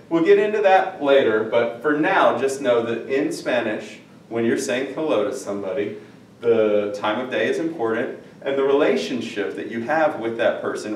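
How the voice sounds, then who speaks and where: A male teacher talks through a lesson in a relaxed way, repeating key phrases and checking that his listeners are following. His voice sits at an ordinary middle pitch. The sound is roomy and a little distant, with a faint low rumble underneath. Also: normal speed. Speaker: Spanish teacher. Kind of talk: recorded classroom lesson. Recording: echoey room, mic at a distance.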